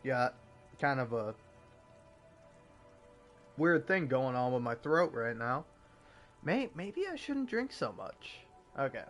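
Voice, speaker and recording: A man in his forties with a gravelly smoker's voice, giving rambling, self-mocking, profane commentary while streaming a game. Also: mid-range voice, very animated, takes it slowly, long pauses, a bit bright, soft background music. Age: 40s. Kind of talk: casual gameplay commentary.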